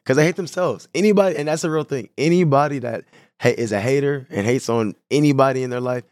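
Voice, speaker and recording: A man from San Diego, a guest on a podcast, talking in a casual, animated, slangy way. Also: medium pitch, quick pace, no echo, studio quality. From San Diego, California. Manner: animated, slangy, says "bro" and "you know what I'm saying" a lot. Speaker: podcast guest, clothing brand owner. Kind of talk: casual conversation.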